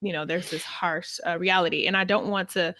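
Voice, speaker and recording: A woman with a somewhat low voice talks through ideas on a podcast, pausing and restarting as she reflects. The sound is dry and close, with no room around it. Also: steady tone, sharp tone, dry recording. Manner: reflective, many fillers and restarts while thinking aloud. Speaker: podcast host. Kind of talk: casual podcast conversation.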